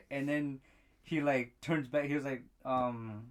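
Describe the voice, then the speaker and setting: A man's voice: medium pitch, fairly even intonation, unhurried. A young man holds the floor on a casual podcast. He swears freely, trails off and restarts, and acts out every line of dialogue in his tale. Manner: profane storytelling, acts out quotes. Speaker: podcast co-host. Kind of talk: casual chat.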